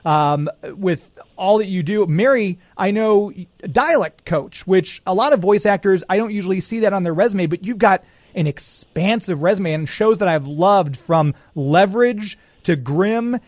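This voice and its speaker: A man's voice: high voice, a little slow, no echo. A man hosting a radio interview, eager and enthusiastic, with many "uh"s as he introduces and questions his guests. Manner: eager, enthusiastic, filler-heavy. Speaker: radio host.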